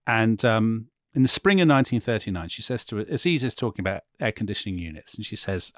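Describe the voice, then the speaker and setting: Animated storytelling man, dry sound. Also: lowish voice, fast, hardly any pauses, no echo. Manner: animated, laughs often while telling a story. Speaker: history podcast co-host. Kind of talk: casual conversational storytelling.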